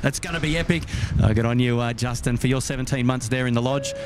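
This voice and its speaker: A man's voice: medium pitch, quick pace, crowd noise. A middle-aged Australian man hosting a live stream outdoors at night, reading viewer messages with many "uh" fillers and cheery thanks. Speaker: livestream host. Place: outdoors at an airport at night, windy. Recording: outdoor noise, wind and traffic.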